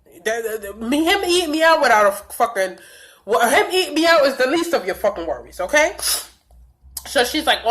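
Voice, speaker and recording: A young woman telling a blunt, profane storytime vlog with lots of animated retelling of dialogue, a little stuffy from allergies. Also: on the high side. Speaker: vlogger.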